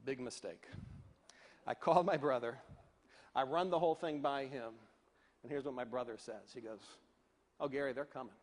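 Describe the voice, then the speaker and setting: A man from Northern Virginia giving a keynote speech, telling a story with animated delivery and acting out the voices of the people in it. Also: mid-range voice, normal speed, pauses often, long reverb tail. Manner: animated, acts out the voices of people in his stories. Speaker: keynote speaker.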